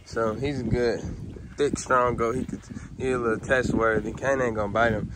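A man vlogging outdoors on his rural property, talking in a laid-back, slangy way and calling loudly to his dog. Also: mid-range voice, steady tone, moderate pace, heavy background noise. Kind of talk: casual outdoor vlog.

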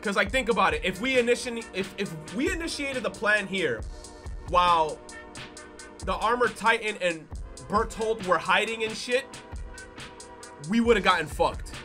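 A young man giving anime reaction commentary, excitable and swearing, with emotional outbursts. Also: high-pitched, normal speed, pauses often, faint music behind. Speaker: reaction streamer.

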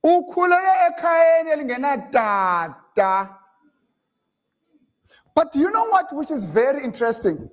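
A man preaching a sermon in a church, switching between English and Xhosa and building up to shouted lines. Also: very high-pitched, big pitch swings, unhurried, long pauses. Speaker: pastor.

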